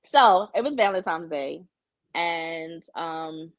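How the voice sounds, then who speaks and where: A woman's voice: lowish voice, lively intonation, slow, no room sound. A young woman, co-hosting a podcast and telling her dating stories candidly, swearing freely. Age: young adult. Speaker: podcast co-host. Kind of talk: casual chat. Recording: dull lo-fi sound.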